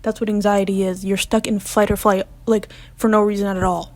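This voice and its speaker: A woman's voice: mid-range voice, little pitch movement, fairly quick, a little mellow. A young woman vlogger telling a personal storytime in a casual, chatty way, full of "like" fillers, sometimes dropping to a whisper. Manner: chatty, lots of "like" fillers, drops to whispers when reliving panic.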